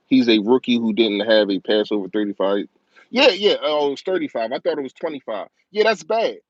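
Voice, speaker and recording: In a muffled recording without echo, a medium-pitched man hosts a live-stream football show. He rants about his team with rapid, emotional passion, rambling and repeating himself for emphasis.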